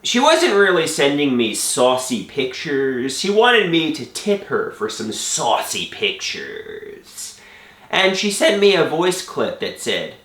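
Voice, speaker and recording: A man with a Long Island New York accent talks straight to the camera in a blunt, opinionated ramble. His pitch jumps around a lot as he talks, going up and down often. The room is echoey. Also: sing-song, slow, fairly bright tone. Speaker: vlogger. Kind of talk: casual monologue.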